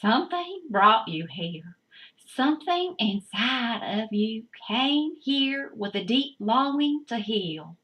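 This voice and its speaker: A woman reading aloud in a put-on Southern US accent, voicing a woman who leads a healing gathering on a beach with a slow, earnest delivery. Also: on the high side, fairly bright tone, poor audio.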